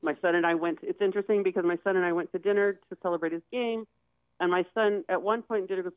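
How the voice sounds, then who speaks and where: A woman's voice: on the low side, steady tone, quick pace, clean tone, dry recording, narrow, tinny audio. A woman guest on a talk show, telling a personal story and retelling conversations in quoted dialogue.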